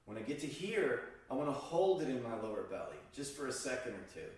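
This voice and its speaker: Male qigong teacher, calm instructional delivery, recorded far off in a roomy space. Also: medium pitch, a little fast. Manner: calm, guiding, demonstrates breathing sounds. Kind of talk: instructional demonstration. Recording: very echoey room, distant mic.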